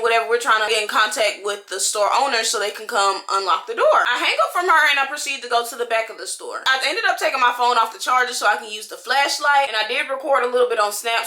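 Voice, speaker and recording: A young pregnant woman telling a storytime as a vlogger, animated and chatty with lots of slang. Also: fairly high pitch. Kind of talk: casual storytime.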